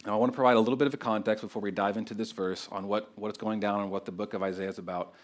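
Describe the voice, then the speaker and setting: A man's voice: on the low side, steady tone, rapid-fire. A man in his thirties preaching a sermon as pastor, talking in a loose, unscripted way with fillers and restarts.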